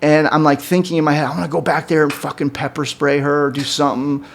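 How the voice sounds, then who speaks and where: A man's voice: fast, vocal fry. A man co-hosting a podcast, telling a long story in casual, profane chat with many fillers. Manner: animated, jumps up in pitch when quoting people. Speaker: podcast co-host.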